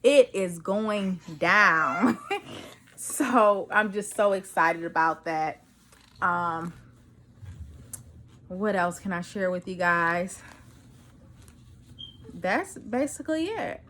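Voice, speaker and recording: A woman chats at home, excitedly telling a story and playing out both sides of her conversations. She talks slowly and unhurriedly, with a bright, forceful edge to her voice. A faint hiss of background noise sits under her voice. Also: fairly low pitch. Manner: excited, animated storytelling with quoted dialogue. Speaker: vlogger. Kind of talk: casual chat.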